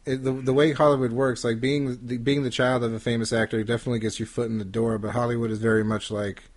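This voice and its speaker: A man talking as a guest on a casual film podcast, halting and full of hedges and restarts. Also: mid-range voice, little pitch movement. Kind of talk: casual chat.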